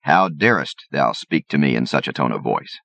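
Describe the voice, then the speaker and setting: A man's voice: very deep voice, expressive, a bit bright, no echo, exaggerated voice. A man playing a stentorian, pompous God. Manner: stentorian, archaic, slow and solemn. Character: stentorian, pompous male God, losing control.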